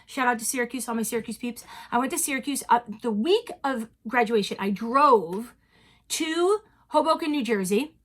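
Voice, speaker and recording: Woman, 40s, vlog host, animated and theatrical, bright voice, slightly high, home closet, camera mic. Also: normal speed. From New England. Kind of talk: chatty personal vlog.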